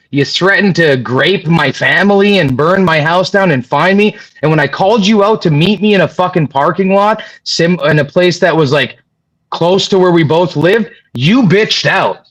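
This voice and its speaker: A man's voice: a little high, normal speed, a bit bright, low-quality recording. A man on a livestream panel, furiously cursing out a chatter in a long profane rant. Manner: angry, profane ranting at a chatter.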